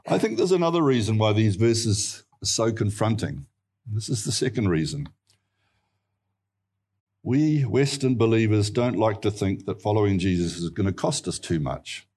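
A man with a New Zealand accent preaching a sermon, telling stories earnestly and rising in pitch for emphasis. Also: animated, normal speed, a little mellow. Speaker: pastor.

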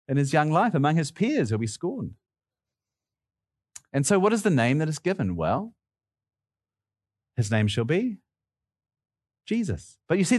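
Male pastor, middle-aged, jokey sermon delivery, lively and somewhat high. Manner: playful, bantering with the congregation.

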